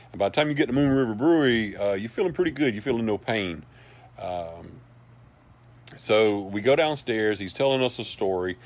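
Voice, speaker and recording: Brief: a man with a lowish voice, hosting a casual livestream, folksy and rambling. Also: darkish tone. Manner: rambling and folksy, with many asides. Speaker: livestream host for a paranormal society. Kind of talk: casual storytelling and reading viewer comments.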